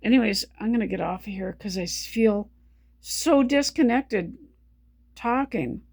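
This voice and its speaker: Breathless woman, halting weary speech. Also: medium pitch, lively intonation, vocal fry, darkish tone, breathy edge, no echo, studio quality. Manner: halting, stumbling, many restarts. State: short of breath while talking. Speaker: vlogger. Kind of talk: personal video diary.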